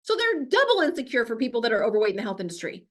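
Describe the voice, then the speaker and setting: A woman's voice: fairly high pitch, big pitch swings, racing, fairly bright tone. A woman host giving a blunt, emphatic motivational talk, firing off rhetorical questions. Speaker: host, health coach.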